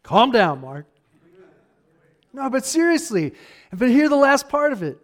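A man preaching a sermon in a conversational way, dropping to near-hushed asides and then rising to fired-up emphasis. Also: very high voice, very animated, a little slow.

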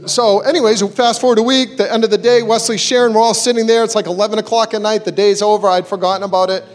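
A man preaching to a church, telling a personal testimony in an animated storytelling way and acting out the quotes. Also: high voice, quick pace. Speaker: church speaker giving a testimony. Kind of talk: storytelling sermon.

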